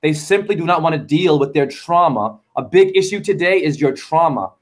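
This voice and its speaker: Fervent rambling man, highish voice. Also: lively intonation, normal speed. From United States. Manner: rambling, fervent wordplay monologue. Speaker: guest. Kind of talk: casual chat.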